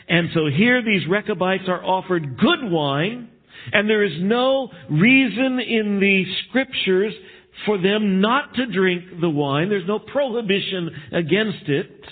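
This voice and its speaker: A man with a somewhat high, husky voice delivers an expository sermon, reading verses aloud and then unpacking them. The recording is thin and phone-like, squeezed into a narrow band. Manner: expository preaching, reading scripture aloud with emphasis. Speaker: pastor.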